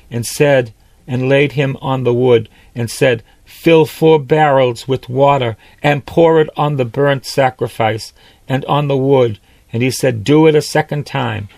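A man's voice: medium pitch, steady tone, measured pace, creaky, darkish tone, no echo. Man, priest, sermon, reads scripture and explains it, voice rises on quotes, dry close sound.

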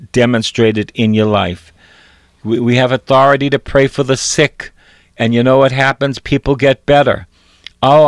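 A man's voice: medium pitch, no echo. A man preaching a sermon, reading scripture aloud and repeating phrases for emphasis.

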